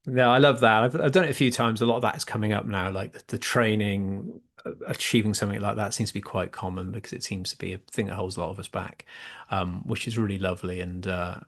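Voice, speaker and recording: A man's voice: lowish voice, steady tone, fast. A man hosting a podcast interview, effusive and openly emotional with his guest. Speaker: podcast host.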